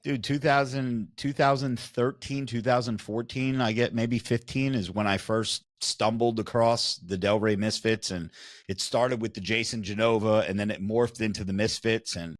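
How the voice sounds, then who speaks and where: A man talking in a casual group chat, telling stories with excited, fan-like energy. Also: fairly low pitch, normal speed, no echo, clean studio sound. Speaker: guest.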